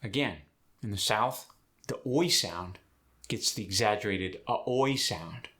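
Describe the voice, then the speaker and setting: A man hosting an accent tutorial as a dialect coach, explaining sounds in a brisk, instructive way. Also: fairly low pitch, lively intonation, bright, forceful tone.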